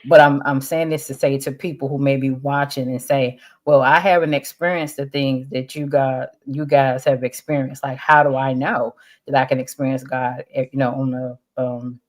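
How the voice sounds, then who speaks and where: A speaker on a church discussion panel, earnest and measured, with frequent filler words. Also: medium pitch, steady tone.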